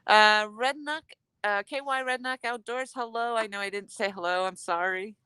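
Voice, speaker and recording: Woman, live-stream host, chatty, thanks viewers, outdoors fishing, bright smooth voice. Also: on the high side, moderate pace, dry recording. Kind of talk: casual live-stream chat. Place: outdoors, fishing in freezing cold.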